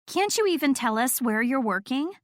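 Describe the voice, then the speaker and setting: A woman narrator voicing an excitable, gushing young woman friend who squeals and insists, in an audiobook. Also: sits high, normal speed, dry recording, clean studio sound, pitched above the performer's own voice. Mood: excited.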